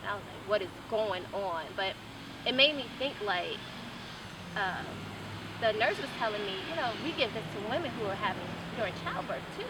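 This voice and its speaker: A woman's voice: mid-range voice, expressive, moderate pace. A young woman giving an earnest, candid interview, with casual fillers and restarts. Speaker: interview guest. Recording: noisy, from a distance.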